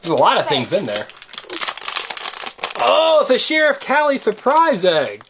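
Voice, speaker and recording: Her voice is a little high and a little slow, and there's noise behind her. She hosts a toy-unboxing video, opening surprise eggs with a child and teasing them in an animated, sing-song tone.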